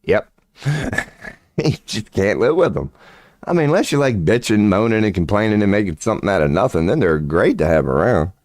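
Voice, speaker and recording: Deep-voiced swaggering man, dry sound. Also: very animated, normal speed, darkish tone, dry recording. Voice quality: crude, swaggering, profanity-laced talk. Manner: laughs often mid-sentence. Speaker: channel host. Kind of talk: casual rambling monologue.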